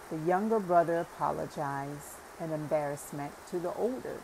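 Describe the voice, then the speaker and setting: Woman reading a parable audiobook, slow calm narration, low gravelly voice. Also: slight background noise, low-quality recording. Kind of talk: scripted narration.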